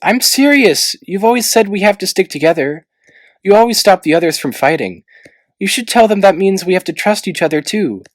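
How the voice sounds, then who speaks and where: A man reading aloud, voicing a small, soft-hearted female dragon who talks earnestly. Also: high voice, animated, fairly quick, no echo, voice pushed up.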